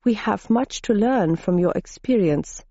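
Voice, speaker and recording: A woman's voice: medium pitch, lively intonation, a little slow, warm tone, no echo, muffled recording. A woman voicing a tall, earnest Swedish woman scientist who explains technical things politely, in a Swedish accent.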